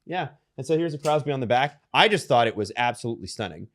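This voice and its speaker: A Canadian man co-hosting a casual sports podcast, telling animated stories and laughing often. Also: medium pitch, quick pace. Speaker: podcast co-host.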